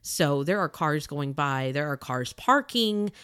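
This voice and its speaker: A woman retelling a personal story in a casual, animated and indignant way, acting out the other people's lines. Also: low-pitched, a little slow, clean tone, dry recording, clean studio sound. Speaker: podcaster telling a personal story.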